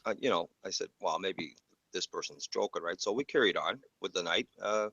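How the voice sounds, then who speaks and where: A man's voice: deep voice, brisk, a bit bright, husky, no echo, muffled recording. A Canadian man with a Canadian accent telling a story in casual chat, laid-back, ending lines with "eh" and "man". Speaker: panelist.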